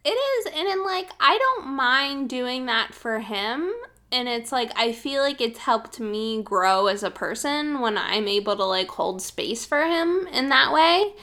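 Woman, slow talker, fairly high voice, reflective, lots of fillers, casual spiritual chat. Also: sing-song, pushed and bright. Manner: reflective, many fillers, laughs readily. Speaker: podcast co-host.

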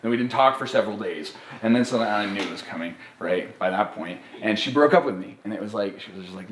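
Animated young man telling stories in a roomy echo. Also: on the low side, fast, hardly any pauses, a little hiss or hum. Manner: animated storytelling, many "right?" tags. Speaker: therapist and podcast co-host. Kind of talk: casual live podcast talk.

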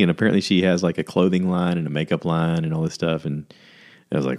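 A man hosting a casual solo podcast, rambling through stories and acting out quotes in high put-on voices. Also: little pitch movement, quick pace, darkish tone. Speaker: podcast host.

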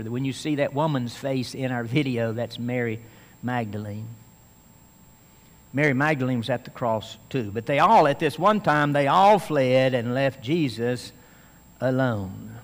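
Man, pastor, sermon, earnest, emphatic, reverberant hall. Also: mid-range voice.

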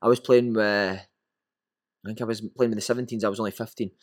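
Scottish guy rattling off a story, animated, swears a lot, dry mic. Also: lowish voice, fast talker, no room sound. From Scotland. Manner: animated storyteller, swears freely, acts out quotes. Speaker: former footballer guest. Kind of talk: casual anecdote telling.

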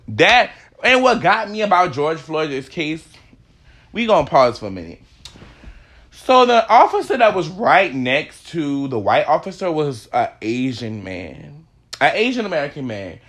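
A man's voice: fairly high pitch, fairly bright tone. A man hosting a podcast who delivers a heated, emphatic opinion monologue full of swearing. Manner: emphatic, profane, ranting. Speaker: podcast host.

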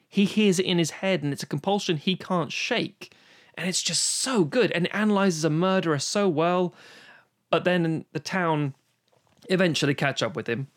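A man in casual podcast chat about film, animated and profane, acting out quotes as he goes. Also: a little high. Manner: animated, swearing, acts out quotes. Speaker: podcast guest discussing films.

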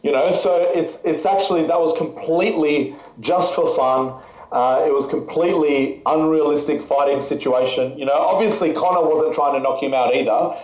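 A man's voice: a little high, moderate pace, darkish tone. A man speaking frankly as a podcast guest, rambling with fillers and restarts. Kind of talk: casual conversation. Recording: echoey, slightly dull audio.

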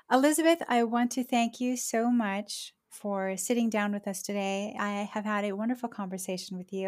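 A woman's voice: medium pitch, a little mellow. A woman hosts a business podcast and speaks in a mid-range voice. She backs up her guest's points and wraps up the chat politely. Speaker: podcast host. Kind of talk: casual interview talk.

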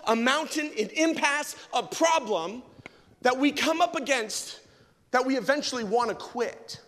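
A pastor with a very high, slightly bright voice preaches an impassioned sermon, calling out to his congregation for responses. The long reverb of a large hall fills the recording.

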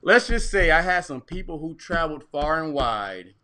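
A man's voice: fairly high pitch, sing-song, normal speed, pushed and bright, smooth. A young man in his twenties, co-hosting a podcast, telling a story among friends with laughs and quoted voices. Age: 20s. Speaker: podcast co-host.

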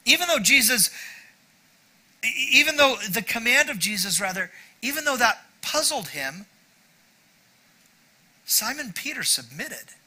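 A man's voice: very high voice, big pitch swings, unhurried, pauses often, pushed and bright, poor audio. A middle-aged male pastor giving a sermon in a conversational, self-deprecating way, with frequent asides to the congregation.

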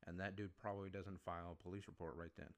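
A man's voice: sits low, little pitch movement, fast. A man hosting a solo podcast, ranting bluntly with heavy swearing as he gives his opinions. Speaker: podcast host.

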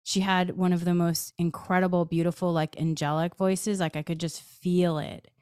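Woman host with a low-ish, smooth voice who tells stories with lively, acted-out dialogue. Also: normal speed, no echo, studio quality. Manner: animated, acts out her own dialogue. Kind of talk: personal storytelling.

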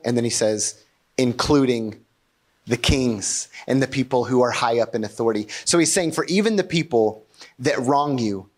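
Man preaching a conversational sermon. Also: on the high side. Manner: conversational preaching with rhetorical questions; checks in with the congregation often. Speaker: pastor.

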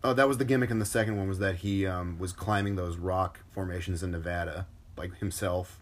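Low-voiced hesitant young man. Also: fairly even intonation, fairly quick. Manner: hesitant, full of ums and restarts. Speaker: podcast co-host. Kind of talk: casual chat.

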